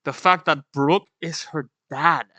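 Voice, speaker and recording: A young man hosting a manga reaction, reading aloud and reacting excitedly, swearing and breaking into high yells. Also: a little slow, no room sound.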